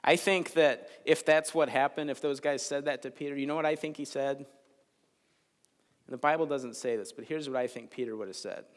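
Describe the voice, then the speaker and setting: A man's voice: mid-range voice, brisk. Man, chapel sermon, casual storyteller, wry humor, mid-range voice, long hall reverb. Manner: conversational, joking storyteller. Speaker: chapel speaker. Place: large chapel.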